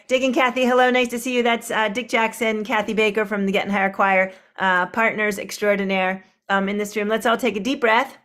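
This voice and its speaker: Woman host, slightly high voice, chatty roll call on a video call. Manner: chatty, warm roll call with small asides. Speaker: host of an online group sing. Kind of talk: greeting participants by name on a video call.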